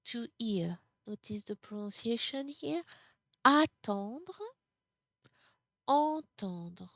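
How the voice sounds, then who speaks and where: A woman teaching a language class, explaining slowly and patiently, sometimes restarting words. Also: medium pitch, dry recording, studio quality. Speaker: French teacher. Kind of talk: classroom lesson.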